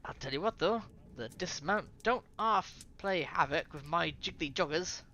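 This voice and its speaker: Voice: medium pitch, expressive, normal speed, bright, forceful tone, highs cut off. A streamer voicing a cheeky, slangy London woman with a put-on London accent, reading a visual novel aloud. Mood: teasing. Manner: teasing, slangy, affectionate. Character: cheeky London woman, Charlotte's affectionate companion.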